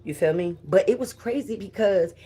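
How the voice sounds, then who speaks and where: A middle-aged woman hosts a casual phone livestream, greeting viewers by name and telling stories in a chatty, profane way. Her voice is husky and a little breathy, at an ordinary middle pitch. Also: animated, normal speed, mellow, faint music behind. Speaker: livestream host.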